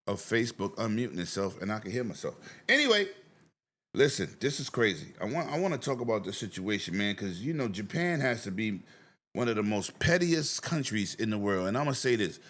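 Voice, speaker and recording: A man's voice: on the low side, sing-song, brisk, a bit bright. A man hosting a casual gaming livestream, ranting with profanity and greeting viewers in chat. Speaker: livestream host.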